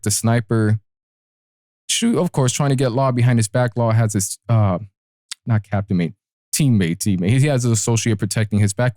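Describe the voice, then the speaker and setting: A man's voice: medium pitch, dark tone, no room sound, clean studio sound. A young man hosting a casual commentary show, talking loosely and acting out characters' lines as he goes. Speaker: podcast host. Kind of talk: casual manga chapter commentary.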